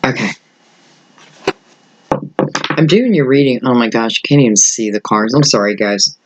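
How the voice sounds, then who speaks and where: An older man, slightly hoarse, giving a rambling solo tarot reading and thinking aloud with many fillers. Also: mid-range voice, measured pace, noisy background. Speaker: tarot reader.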